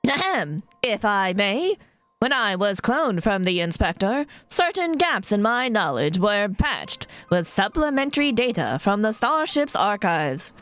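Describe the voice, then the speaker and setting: A woman's voice: mid-range voice, sing-song, a little slow, a bit bright, soft background music. A woman voicing a prim, fussy game character. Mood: flustered. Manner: prim and wordy. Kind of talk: game dialogue read aloud.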